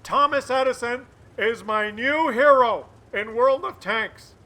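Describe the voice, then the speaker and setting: High, bright excitable male game commentator. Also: slow pace. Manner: animated, shouts and laughs at big shots. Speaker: gameplay commentator.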